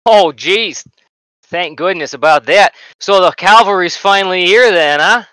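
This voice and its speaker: A man's voice: sits high, a little slow, a bit bright, smooth, dry recording, voice pushed up, poor audio. A man voicing a nervous, folksy farmer hiding in his basement, polite and rambling. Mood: relieved.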